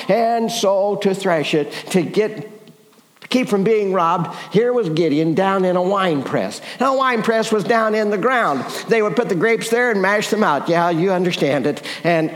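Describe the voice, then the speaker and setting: High-voiced male preacher, animated sermon storytelling, long hall reverb. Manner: animated, questions the audience often.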